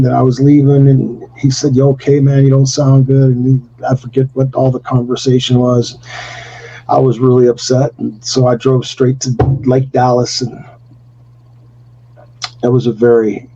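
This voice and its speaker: An older man tells a story with animated energy, pitching up sharply whenever he acts out someone else's lines. His voice is dark and husky. The audio is dull and lo-fi, like a remote call. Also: normal speed. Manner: acts out quotes with jumps in pitch, laughs often. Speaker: retired pro wrestler, guest.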